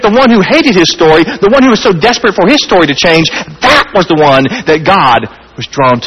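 A man preaching a sermon in a church, earnest, rising high and animated then dropping soft and intimate. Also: brisk, few pauses, husky, long reverb tail, poor audio. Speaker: pastor.

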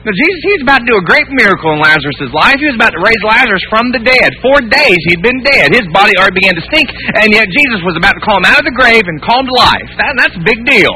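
High, bright-voiced preacher man. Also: expressive, fast, hardly any pauses, slightly rough, poor audio. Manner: preaching with swings between loud emphasis and hushed tenderness; repetitive rhetorical questions to the congregation. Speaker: pastor. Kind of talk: sermon.

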